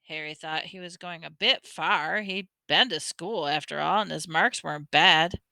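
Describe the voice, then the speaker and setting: A woman reading a novel aloud with expressive storytelling and small slips, close to a dry mic. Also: sits low, moderate pace, gravelly, no room sound. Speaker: audiobook reader.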